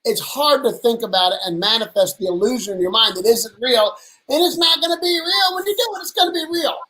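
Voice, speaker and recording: A man hosting a casual lunch conversation, an energetic storyteller who acts out the people he quotes in animated voices. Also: very high voice, a little fast, rough recording. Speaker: host. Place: at a lunch table.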